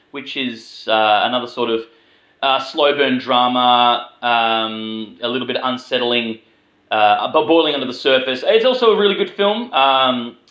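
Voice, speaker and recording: A man's voice: mid-range voice, pushed and bright, roomy sound, low-quality recording. An Australian man giving a casual, rambling film review, with plenty of swearing and filler words. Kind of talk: casual spoken movie review.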